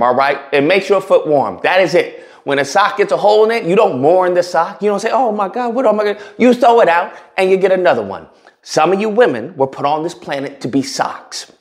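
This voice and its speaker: A man giving blunt, provocative opinion commentary on a video, talking in a mocking and emphatic way. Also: sits high. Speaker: commentary YouTuber.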